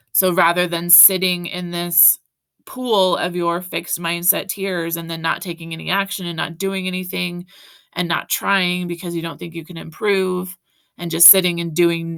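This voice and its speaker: Woman teacher, bright gravelly voice, encouraging video lesson to students, close and dry. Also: lowish voice, no room sound. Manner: encouraging, talks directly to students with frequent "right?".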